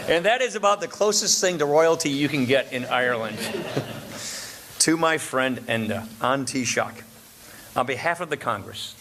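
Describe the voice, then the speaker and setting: A middle-aged man from Wisconsin giving a formal luncheon speech, and he pauses for laughs after his punchlines. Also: medium pitch, a bit bright, a little hiss or hum. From Wisconsin, USA. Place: large banquet room. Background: audience laughter and room ambience.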